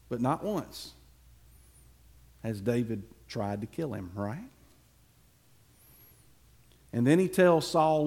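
A man preacher telling a Bible story to his congregation, with playful asides to the listeners and dramatic pauses. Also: a little high, expressive, darkish tone.

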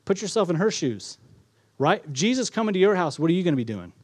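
Man, pastor, sermon, fairly high-pitched, dry close sound, acts out little quotes. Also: big pitch swings, fast talker, dry recording. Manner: conversational preaching, acts out quotes, chuckles.

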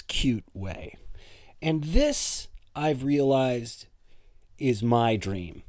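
A man's voice: medium pitch, darkish tone, no room sound, clean studio sound. Playful, rambling man podcasting. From Toronto, Canada. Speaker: podcast host. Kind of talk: solo comedic podcast monologue.

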